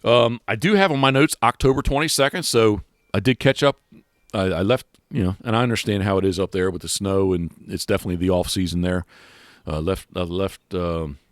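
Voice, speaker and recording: A man's voice: deep voice, a little fast, no echo, clean studio sound. A man hosting a podcast, talking casually in a rambling way with many restarts and fillers. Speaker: podcast host. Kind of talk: casual chat.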